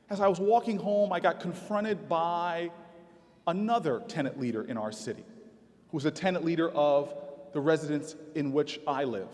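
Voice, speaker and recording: A man's voice: a little high, a little mellow. A man giving a commencement address as a city mayor, telling stories in a candid and emphatic way. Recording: long reverb of a large venue.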